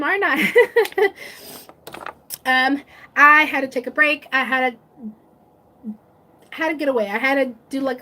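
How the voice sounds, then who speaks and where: High-voiced emotional woman vlogger. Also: a bit bright, a little hiss or hum. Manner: emotional, gushing, laughs a lot. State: tearful. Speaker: vlogger on a live stream. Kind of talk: casual live-stream chat.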